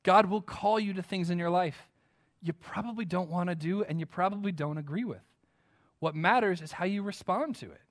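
A man with an American accent delivering a sermon in a fairly high voice. He preaches earnestly and with emphasis, often turning to his listeners with direct questions. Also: moderate pace. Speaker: pastor.

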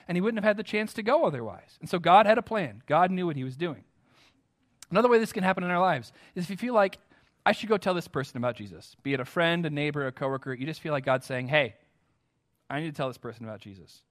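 A man with an American accent delivering a sermon in a fairly high voice. He preaches earnestly and with emphasis, often turning to his listeners with direct questions. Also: expressive, fast talker. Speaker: pastor.

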